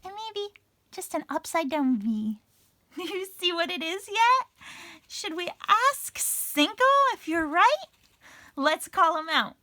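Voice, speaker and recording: A woman's voice: very high-pitched, sing-song, slow, sharp tone. A woman librarian hosting a children's story time, speaking in a cheerful, playful way straight to young kids.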